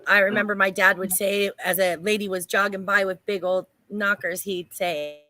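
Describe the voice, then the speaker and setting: Bright-voiced woman, frank joking. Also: medium pitch, fairly even intonation, moderate pace, hardly any pauses. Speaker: co-host. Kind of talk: casual live-stream chat.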